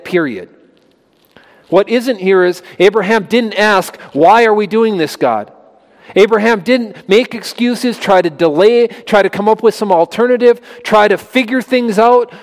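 A man preaching a sermon to children in an emphatic way, often putting questions to them. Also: high voice. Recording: long reverb of a large hall.

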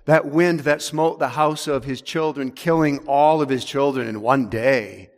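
A man preaching a sermon as pastor, emphatic, dropping low and slow on key words. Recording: long hall reverb.

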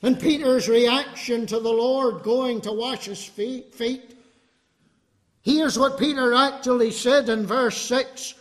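High-pitched guy preaching slow and fervent, long hall echo. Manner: fervent, emphatic, appealing to the listener. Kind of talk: sermon. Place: congregation hall.

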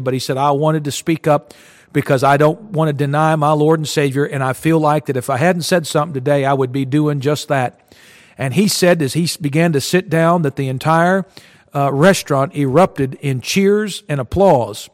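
A man's voice: on the high side, normal speed, long reverb tail. A man preaching a sermon, earnestly retelling a story and quoting its people.

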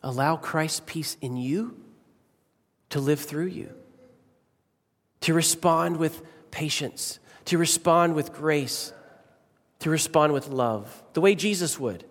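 A middle-aged male pastor preaching in a church sanctuary, his fairly high voice trailing off into a long hall reverb. He leans on repeated phrases and swings between slow, stressed lines and quick asides. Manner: emphatic, varies pace and volume, repeats key phrases. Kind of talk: sermon.

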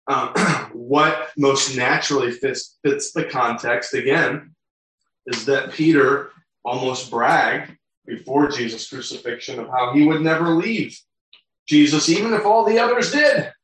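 Guy preaching a bible passage, booming echo, sounds far from the mic. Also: unhurried, a bit bright. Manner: expository, reads scripture aloud and explains it. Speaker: pastor. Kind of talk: sermon. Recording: very echoey room, mic far off.

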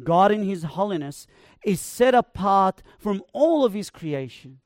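A man preaching a sermon, building to emphatic proclamations with slow, repeated phrases. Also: high-pitched, very animated, no echo, clean studio sound.

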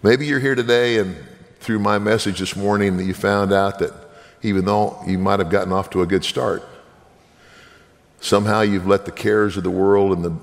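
Gravelly deep-voiced man preaching. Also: in a large hall. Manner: earnest, preaching, direct appeals to listeners. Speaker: minister. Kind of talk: sermon testimony.

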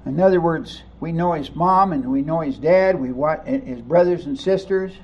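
A man preaching a sermon, animated, acting out the voices of people in the story as he teaches. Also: fairly high pitch, moderate pace, highs cut off. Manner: animated, acts out voices of the crowd and disciples. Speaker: pastor.

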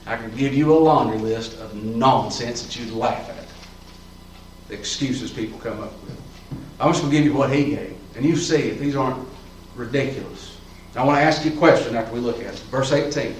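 In a church sanctuary, a man preaches a sermon in a folksy, fervent style, using plain colloquial talk. His voice is mid-range and brisk, with a little hiss or hum. The recording has a roomy echo and faint ambience, and he sounds far off.

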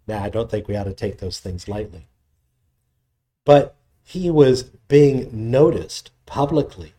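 A man's voice: lowish voice, lively intonation, measured pace, dark tone. A man preaching an expository sermon in a conversational way, retelling scripture in everyday voices.

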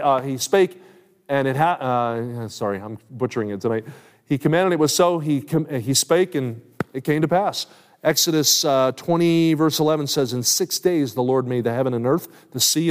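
A man preaching to a congregation in a fairly high voice that carries through a big hall with a long echo. He teaches conversationally and stops often to ask his listeners questions. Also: a little mellow. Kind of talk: sermon.

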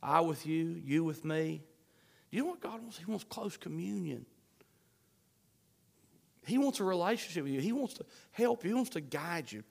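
A man preaching a sermon, fervent, swinging between shouts and hushed pleading. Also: on the high side, animated, moderate pace, gravelly, long pauses. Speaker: pastor. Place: church sanctuary. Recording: long hall reverb.

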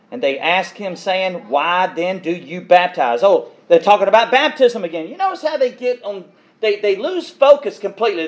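A man preaching an expository sermon, reading scripture verses aloud and then explaining them with emphatic repetition. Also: high-pitched.

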